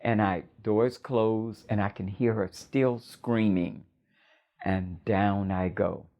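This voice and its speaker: An older woman recounting a personal story in a measured, reflective way. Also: a bass voice, steady tone, dull audio.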